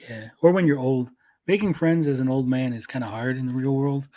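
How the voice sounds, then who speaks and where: A man's voice: mid-range voice, brisk, dark tone. A man hosting a casual stream chat, laid-back and reading chat comments aloud with casual swearing. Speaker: podcast host.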